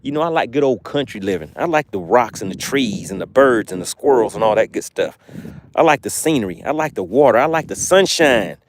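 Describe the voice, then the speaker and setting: A man's voice: medium pitch, expressive, a little fast, a little hiss or hum. Easygoing Southern man on a fishing livestream. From Southern US, Georgia. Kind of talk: casual live-stream chat, reading comments. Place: outdoors by the water.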